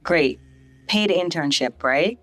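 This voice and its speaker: On a podcast with faint music behind her, a middle-aged hospital CEO from St. Vincent recounts her life in a relaxed way. Her voice is on the low side and she takes her time. She animates the tale by performing others' words in a raised voice.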